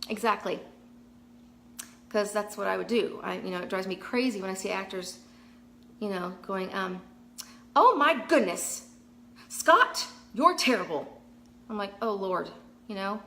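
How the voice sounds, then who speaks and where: A woman's voice: medium pitch, steady tone, normal speed, vocal fry, pauses often, fairly bright tone, reverberant. A middle-aged woman chatting casually while painting on a live stream in her garage, rambling and answering viewer comments as she works. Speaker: painting vlogger. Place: garage, kneeling on concrete floor.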